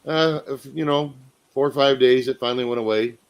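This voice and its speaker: A man's voice: mid-range voice, fairly even intonation, fairly quick, clean tone. A man chatting casually as a stream guest, laid-back and crude, peppering his talk with dude. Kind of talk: casual livestream chat.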